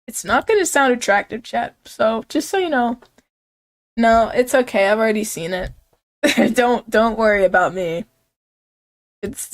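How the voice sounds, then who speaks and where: A woman's voice: fairly high pitch, lively intonation, a little slow, long pauses. A young woman streaming a game, playfully reading its text aloud and chatting with viewers, giggling often.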